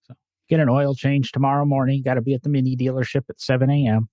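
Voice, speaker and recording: A man's voice: medium pitch, flat delivery, fast, warm tone, no room sound, highs cut off. A man co-hosting a casual car podcast, chatting in a rambling, joking way. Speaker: podcast co-host. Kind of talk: casual chat.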